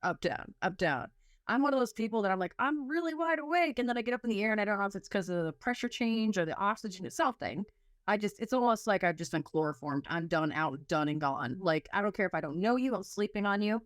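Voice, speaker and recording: A woman's voice: medium pitch, expressive, fast talker, dry recording, clean studio sound. A woman hosting a podcast in casual chat, telling a story with lots of laughter and acting out her own reactions. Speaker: podcast host.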